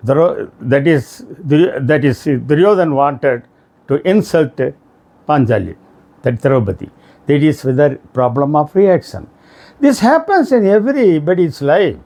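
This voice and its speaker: Animated Indian English male lecturer. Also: on the high side. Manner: animated storytelling, acts out quoted shouts. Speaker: speaker on emotional intelligence. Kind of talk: motivational lecture.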